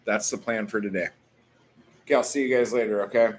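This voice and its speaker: A man's voice: lowish voice, fairly even intonation, brisk. A man vlogging casually, rambling through a story full of filler words and swearing.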